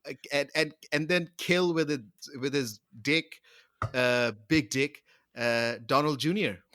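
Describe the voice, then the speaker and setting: Male podcast co-host, bright and forceful, rambling, giggly, stumbles over his words. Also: a little high, a little slow. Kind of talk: casual comedy chat. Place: home, remote call.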